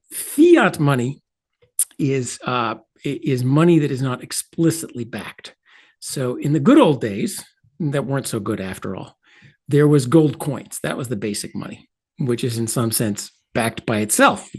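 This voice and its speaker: An older man explains ideas as an interview guest. His pitch swoops widely as he stresses points. He drops in wry, offhand asides. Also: measured pace, husky. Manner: animated, emphatic, wry asides. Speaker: economist guest.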